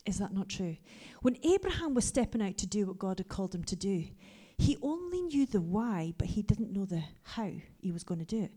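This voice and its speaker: A woman in her forties, a pastor giving a lively sermon full of personal stories, who drops to a hushed whisper for her asides. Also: medium pitch, fairly quick, hardly any pauses.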